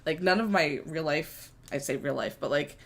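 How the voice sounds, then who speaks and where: A woman co-hosting a podcast in casual chat, chatty and quick to react, with casual swearing. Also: low voice, vocal fry, fairly bright tone. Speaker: podcast co-host and streamer.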